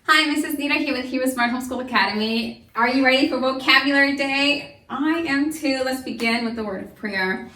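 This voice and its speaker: A woman's voice: high-pitched, brisk, bright, forceful tone, echoey room. A woman teaching a homeschool vocabulary lesson, who sounds out syllables patiently and gives encouraging examples.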